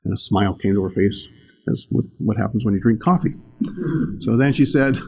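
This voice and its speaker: Older male speaker, gravelly low-key voice, rambling storyteller giving a morning talk. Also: moderate pace. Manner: rambling, warm storytelling with laughs. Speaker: spiritual teacher.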